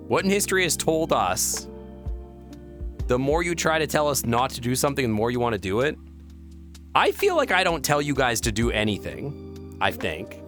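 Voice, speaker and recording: Playful young man streaming, lively pitch. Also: moderate pace, faint music behind. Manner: playful, giggly, rambling with squeaky high exclamations. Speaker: VRChat streamer. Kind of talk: casual live-stream chat reading viewer messages.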